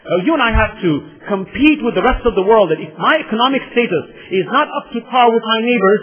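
A man's voice: high voice, expressive, brisk, husky. A man preaching a sermon, impassioned and repetitive, speaking directly to his congregation in a large hall. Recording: dull lo-fi sound with long hall reverb.

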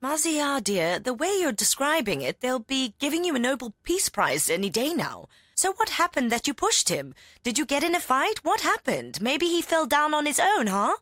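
A woman playing a teasing, caring middle-aged aunt in a dubbed TV drama, with a wry, gently mocking manner. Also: sits high, big pitch swings, moderate pace, hardly any pauses, dry recording, studio quality.

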